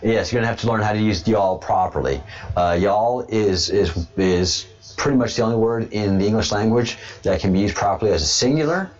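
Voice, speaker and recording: A man with a fairly low voice hosts a casual political livestream. He rambles, repeats words and restarts his sentences as he goes. The sound is dull and lo-fi. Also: a little fast, darkish tone. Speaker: host of a livestream show.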